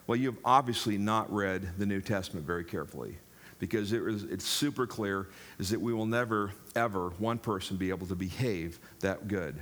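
A man's voice: lowish voice, moderate pace, fairly bright tone. An older man preaching a sermon in a jokey, rambling way, talking straight to the congregation. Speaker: pastor.

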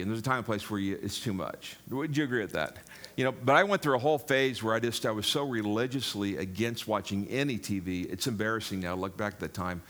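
A man's voice: fairly low pitch, sharp tone. Older man preaching, jokey and rambling. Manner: jokey, rambling, addresses congregation directly. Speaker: pastor. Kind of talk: sermon.

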